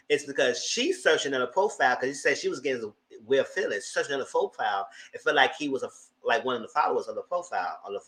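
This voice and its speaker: A man casually retelling a reality show episode, animated and incredulous, jumping to high exclamations. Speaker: TV recap vlogger. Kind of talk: casual recap commentary.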